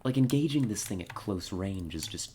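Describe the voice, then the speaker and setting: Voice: low-pitched, expressive, normal speed, warm tone, slight background noise. A streamer giving live gameplay commentary, wry and self-mocking, muttering orders to their soldiers. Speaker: game streamer.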